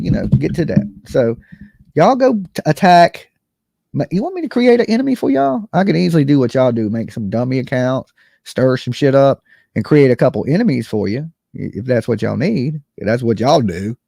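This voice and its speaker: A man's voice: on the high side, vocal fry, darkish tone, dry recording, studio quality. A man, just woken up, ranting casually as a livestream host, rambling and repeating "okay" and "you know what I'm saying".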